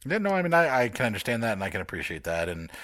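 A man's voice: lowish voice, big pitch swings, very fast, fairly bright tone, no echo, studio quality. A man in casual chat who talks hesitantly with many restarts and teases his co-host. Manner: hesitant, lots of ums and restarts, teasing.

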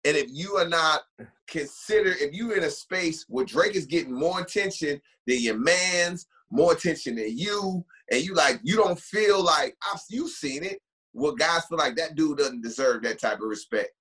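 High, bright, husky-voiced man ranting. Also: lively intonation, normal speed. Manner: emphatic, opinionated, storytelling. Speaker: podcast co-host. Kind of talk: casual podcast chat.

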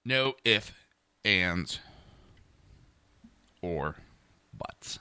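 A man's voice: sits low, expressive, very slow, bright, forceful tone, clean tone, dry recording. A man with a New Jersey accent hosting a talk radio show, ranting bluntly and cursing freely. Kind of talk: opinionated talk radio rant.

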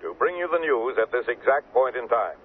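A formal newsreader, husky; phone-thin broadcast sound. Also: male voice, medium pitch, big pitch swings, a little fast. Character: male radio newscaster reading bulletin. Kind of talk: newsreading in a radio drama. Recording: tinny radio-within-radio sound.

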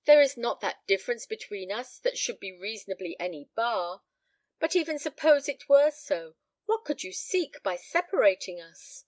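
A woman voicing an eager young daughter who pleads in a high, bright, imploring tone. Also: lively intonation, moderate pace, no echo, natural voice.

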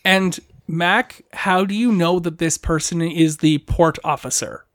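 A woman's voice: on the low side, dry recording. Game master, woman, playful and giggly, dry close mic. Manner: playful, laughs often, halting restarts. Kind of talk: narrating a tabletop game.

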